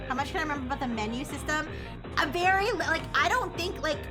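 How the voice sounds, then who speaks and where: A woman's voice: high voice, animated, fast talker, music in the background. A woman livestreamer in casual chat who rambles, laughs often and says "like" a lot.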